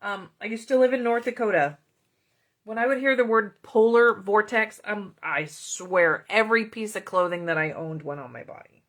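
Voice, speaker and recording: A middle-aged woman with a mid-range voice hosts a card-making tutorial at a moderate pace. As she works, she chats casually with viewers and greets commenters by name.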